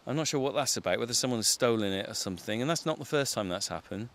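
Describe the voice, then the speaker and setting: A man's voice: medium pitch, lively intonation, fast talker, a bit bright. A man, a farmer, chatting casually and explaining things while walking his farm outdoors. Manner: chatty, explanatory, with filler words. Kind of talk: casual chat on a farm walk.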